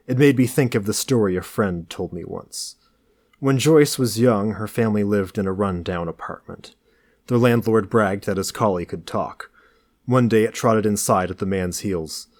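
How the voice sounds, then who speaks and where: A man reading a novel aloud in a calm, dry, understated narration. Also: on the low side. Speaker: audiobook reader.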